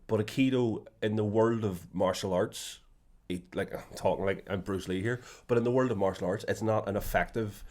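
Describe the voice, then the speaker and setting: A man's voice: fairly low pitch, moderate pace, a little mellow. A man, co-hosting a podcast in casual chat, rambling and laughing while acting out quotes. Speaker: podcast co-host.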